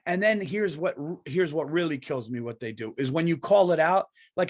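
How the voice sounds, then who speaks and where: A man with a notably high speaking voice rants on his podcast. He is worked up and emphatic, swearing freely as he hammers his points home. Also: animated, moderate pace, hardly any pauses. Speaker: podcast host. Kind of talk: heated comedic rant.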